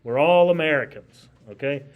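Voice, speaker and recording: A man's voice: on the high side, moderate pace, phone-quality sound. A man teaching a history class in a classroom. He lectures in a conversational, emphatic way and keeps putting questions to his students.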